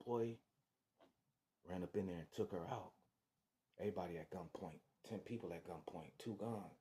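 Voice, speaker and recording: Deep-voiced man, casual storyteller, repeats himself and acts out the other voices. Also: normal speed, pauses often. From Detroit. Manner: animated, acts out voices, restarts and repeats words. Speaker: storyteller sharing his testimony.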